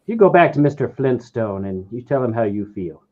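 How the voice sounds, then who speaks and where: A man's voice: mid-range voice, very animated, a little fast, phone-quality sound. A man performing an improvised comedy scene on stage, giving curt, matter-of-fact replies.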